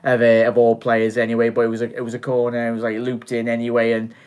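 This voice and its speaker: A young man talks through a football result in a relaxed reaction vlog. He rambles in a chatty way, repeating himself and restarting sentences with plenty of fillers. His voice sits at an ordinary middle pitch. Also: fast talker, smooth. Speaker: fan channel host. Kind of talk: casual match reaction vlog.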